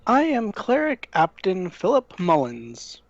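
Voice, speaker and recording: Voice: mid-range voice, huge pitch swings, takes it slowly, no echo, muffled recording. A tabletop player speaking in character as a cleric, friendly and sometimes searching for words. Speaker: player voicing a mouse-folk cleric.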